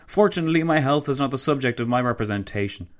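A man voicing a proud, patriotic male foreign minister who speaks in a measured way. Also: medium pitch, lively intonation, voice pushed up, lightly acted.

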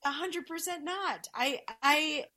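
A woman's voice: high-pitched, sharp tone, slight background noise. A woman chatting as a guest on a podcast, blunt and emphatic and swearing freely. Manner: blunt and profane, quick and emphatic. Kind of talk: casual podcast chat.

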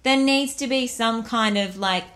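A woman co-hosting a casual chat, playful and jokey, quick to laugh. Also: on the high side, a bit bright. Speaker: podcast co-host.

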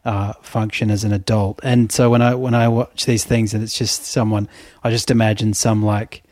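A man in casual conversation, wry and critical, jumping his pitch up for mocking quotes. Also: level tone, normal speed, darkish tone, dry recording. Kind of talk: casual chat.

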